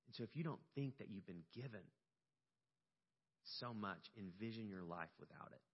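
Pastor preaching in a reverberant hall. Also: male voice, lowish voice, moderate pace, pauses often, breathy edge. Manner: storytelling, animated and emotional at peaks. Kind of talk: sermon. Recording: dull lo-fi sound with long hall reverb.

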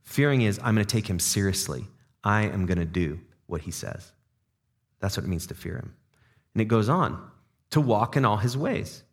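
A man's voice: on the low side, very animated, moderate pace. A man preaching a sermon as pastor to his congregation. He talks in a conversational way, asks the room questions, repeats words as he thinks aloud and drops in dad jokes. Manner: jokey dad-joke asides. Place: church service before a congregation.

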